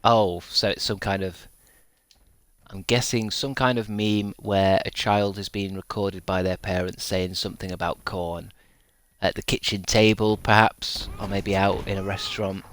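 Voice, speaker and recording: A man's voice: sits low, level tone, a little slow, a bit bright, dry recording. A young man chatting on a game stream, rambling and self-mocking with a dry, sardonic edge and casual swearing.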